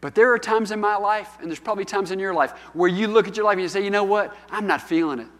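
A man's voice: high voice, quick pace, a bit bright. Preaching man in a reverberant hall. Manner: storytelling, conversational preaching with rising emphatic calls. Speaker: pastor. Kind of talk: sermon. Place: church hall.

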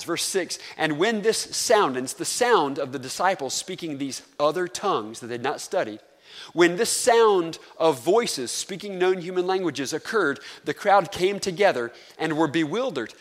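A Southern man with a North Carolina accent preaches to his congregation in an easy, conversational way and often throws questions out to the pews. His voice sits a little higher than most men's, and it rings out with a long reverb through the sanctuary. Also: a bit bright. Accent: Southern American, North Carolina. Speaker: pastor. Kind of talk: sermon.

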